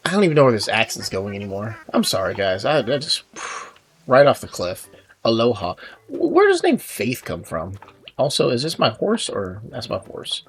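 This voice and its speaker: A man talks casually over his gameplay, rambling and poking fun at himself. His pitch moves up and down a lot, and he stumbles through fillers and restarts. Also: wildly swooping pitch, moderate pace, breathy edge. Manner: rambling, self-deprecating, many fillers and restarts. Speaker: gaming video host.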